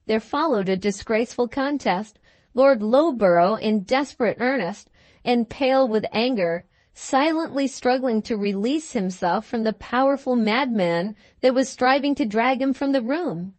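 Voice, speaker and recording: A woman narrating a classic novel as an audiobook in a measured, steady way. Her voice sits on the higher side. The recording is dry and close, with no room sound. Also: dry recording. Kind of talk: first-person audiobook narration.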